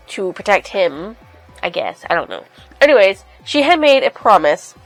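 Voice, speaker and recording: A woman's voice: lowish voice, fairly bright tone, poor audio. A woman giving a casual book recap, retelling the plot loosely and chattily, with "she's like" asides, fillers and restarts. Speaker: book reviewer.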